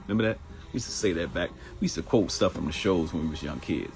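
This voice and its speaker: A man's voice: low-pitched, animated, quick pace, a little mellow. A middle-aged man from Baltimore hosting a live talk show, chatty and storytelling, calling his listeners y'all. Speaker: host.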